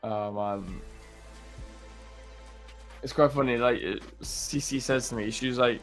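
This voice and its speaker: A young British man in relaxed banter, joking and laughing as he co-hosts a livestream. His voice sits at an ordinary middle pitch. Faint music plays in the background. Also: takes it slowly, long pauses. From Britain. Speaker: livestream co-host. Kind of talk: casual chat.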